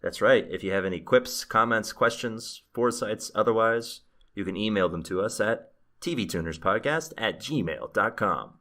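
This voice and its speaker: A man's voice: lowish voice, animated, moderate pace, pushed and bright. A man hosting a podcast in casual chat, dry and steering the talk. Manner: dry, wraps things up. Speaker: podcast host.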